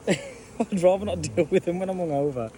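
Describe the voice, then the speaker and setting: A man's voice: high voice, normal speed, mellow, slight background noise. A man, chatting and telling stories while removing bees. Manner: chatty, tells anecdotes, laughs easily. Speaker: bee removal worker. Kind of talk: casual chat while working.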